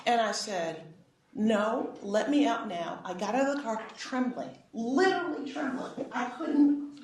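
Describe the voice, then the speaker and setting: Middle-aged woman lecturer, higher voice, animated storyteller, recorded from afar in a reverberant hall. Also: moderate pace, a little hiss or hum. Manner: animated storyteller, acts out quoted dialogue, frequent "right?". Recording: echoey hall, voice from far off.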